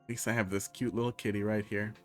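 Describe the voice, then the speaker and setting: A man's voice: lowish voice, flat delivery, fast talker, soft background music. A man with a Wisconsin accent, chatting casually as a streamer while he plays and answers chat. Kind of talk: casual live-stream commentary.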